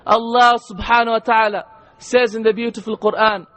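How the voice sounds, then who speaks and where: A male preacher giving an impassioned sermon, repeating lines and rising to shouts. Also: high-pitched, flat delivery, fairly quick, no room sound.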